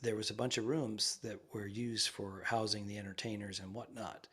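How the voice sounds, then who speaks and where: A man with a low, slightly husky voice, talking in a loose, rambling way with plenty of pauses. He co-hosts a comedy podcast and records from a quiet ensuite room in a rented house. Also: flat delivery. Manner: rambling, easygoing, hesitant with fillers. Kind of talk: casual chat.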